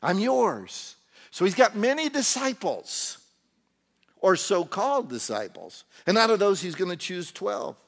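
Animated preaching man, wide pitch swings. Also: unhurried. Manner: animated preaching, acting out voices, swings from loud to hushed. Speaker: pastor. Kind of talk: sermon. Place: church.

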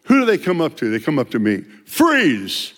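A man's voice: mid-range voice, very fast. Older man preacher in a reverberant hall. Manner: animated, acts out dialogue loudly. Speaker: street evangelist. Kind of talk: storytelling testimony.

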